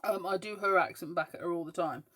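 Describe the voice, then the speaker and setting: Speaking quickly in a low-ish, fairly bright voice, a woman in her forties hosts a crafting show. She comes from the west coast of Scotland and has an English accent with a faint trace of Scottish twang. Her chat is casual and rambling, with frequent ums.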